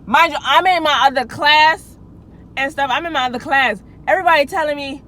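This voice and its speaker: High-voiced young woman telling a story. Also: a little fast, fairly bright tone, rough recording. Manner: chatty slangy storytelling, restarts and asides to viewers. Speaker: vlogger. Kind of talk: casual storytime.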